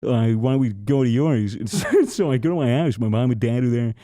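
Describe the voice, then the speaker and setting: A man's voice: medium pitch, animated, brisk, dark tone, dry recording, studio quality. A young man hosting a podcast, telling a long story in a rambling, profane, casual way with frequent restarts. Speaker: podcast host.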